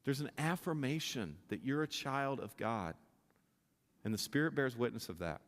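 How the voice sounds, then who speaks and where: A pastor preaching a sermon, impassioned, often restarting his sentences and building to louder, higher climaxes. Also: animated, normal speed. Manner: impassioned, rising in pitch and volume at climaxes, many restarts. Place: church sanctuary. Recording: long reverb of a church hall.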